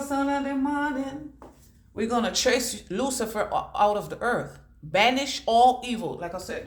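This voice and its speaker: A woman giving a channelled oracle card reading. She rambles and repeats words in chanting bursts, swinging between low murmurs and loud declarations. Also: a little hiss or hum. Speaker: psychic oracle card reader. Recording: echoey room.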